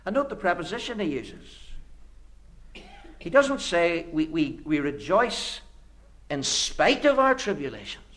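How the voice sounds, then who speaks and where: This man's sermon moves at a measured pace with long pauses and big pitch swings. He builds earnestly through repeated phrases, alternating quiet low passages with sudden emphatic climbs.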